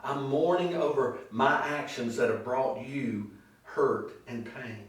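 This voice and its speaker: A man preaches in a very echoey church sanctuary, heard from some distance off the mic. He tells stories with lively acted voices and slows right down to stress his main points. His pitch sits in the middle range for a man. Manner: storytelling preacher, slow emphatic phrases, acts out quoted voices. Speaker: pastor. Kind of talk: sermon.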